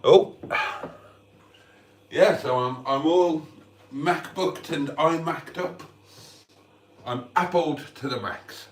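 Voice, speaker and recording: A man's voice: fairly high pitch, slow, recorded from a distance, a little hiss or hum. A man chatting casually on a live vlog from home, hungover and lisping, in a self-mocking way. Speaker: vlogger. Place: room at home. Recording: roomy, off-mic.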